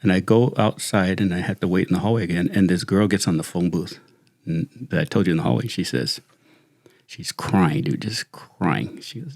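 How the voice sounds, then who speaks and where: A middle-aged man, a retired sheriff's lieutenant, telling stories in a casual, animated way and saying "dude" often. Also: deep voice, normal speed, gravelly, no room sound, clean studio sound. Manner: animated, slangy, says "dude" constantly. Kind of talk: casual storytelling chat.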